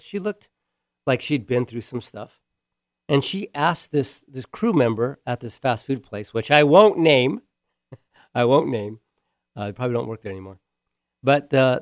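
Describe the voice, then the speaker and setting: A man's voice: medium pitch, no room sound, clean studio sound. A man preaching a sermon, telling a story earnestly and often restarting his words. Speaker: pastor.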